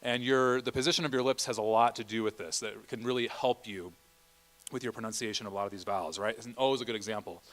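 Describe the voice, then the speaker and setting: A man's voice: fairly low pitch, steady tone, quick pace, fairly bright tone. A middle-aged man directing a choir rehearsal in a church, chatty, often singing vowel and Latin examples.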